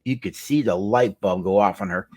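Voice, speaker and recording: A man's voice: lowish voice, moderate pace, a little mellow. A middle-aged man, a marriage counselor, telling a client story to the camera with emphatic, preacher-like delivery.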